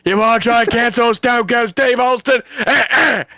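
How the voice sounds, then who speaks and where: A man impersonating a brash, combative male wrestler, loud and taunting, calling people "son". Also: extremely high pitch, moderate pace, voice pushed up.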